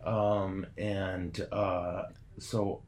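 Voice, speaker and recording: A man chatting casually about getting hearing aids, telling animated, self-mocking stories. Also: low voice, very slow. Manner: animated storyteller, self-deprecating. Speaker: hearing aid client. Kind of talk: casual conversation.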